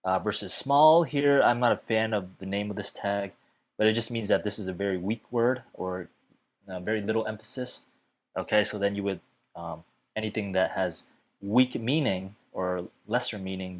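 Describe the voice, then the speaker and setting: A man teaching a web development lesson in a casual, chatty way, often filling pauses with "okay" and "uh". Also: lowish voice. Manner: chatty, fills gaps with okay and uh.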